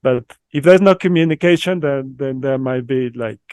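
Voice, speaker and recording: A man's voice: medium pitch, moderate pace, darkish tone, smooth, no echo. Guest, man with a Mexican accent, thoughtful and searching, dry recording. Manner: reflective, searching, with fillers. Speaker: guest, somatics practitioner. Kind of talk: conversational interview.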